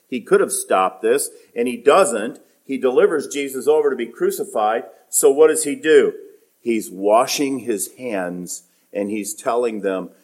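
A man preaching a sermon, reading scripture aloud and explaining it, swinging from loud emphasis to quiet, low delivery.

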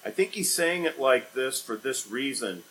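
A man preaching an expository sermon, rising to loud emphatic bursts and dropping to quiet, low scripture reading. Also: animated, normal speed, rough recording.

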